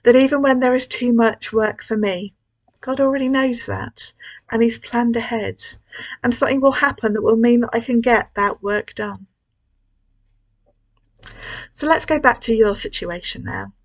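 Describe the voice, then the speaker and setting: Expressive woman telling a children's story. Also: on the high side, moderate pace, pauses often, poor audio. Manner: gentle, expressive storytelling to children, with hushed moments. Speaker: school worship leader. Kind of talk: children's collective worship storytelling. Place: church.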